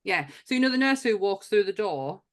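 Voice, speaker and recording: An English woman co-hosts a film podcast in a mid-range voice, very animated and a little fast. She's chatty in casual conversation, swearing now and then and often trailing off and restarting her sentences.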